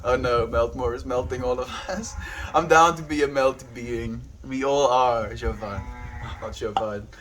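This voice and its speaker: A man streaming live, reading viewer chat aloud in a playful, giggly way and turning earnest and gentle when he reflects. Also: mid-range voice, steady tone, unhurried, slight background noise, rough recording. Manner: playful and giggly, often laughing. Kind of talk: casual livestream chat.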